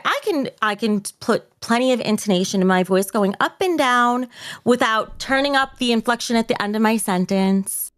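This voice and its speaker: Sing-song, lively woman moderator. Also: on the high side, moderate pace. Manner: sing-song, animated and teasing. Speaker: debate moderator. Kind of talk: bantering podcast debate.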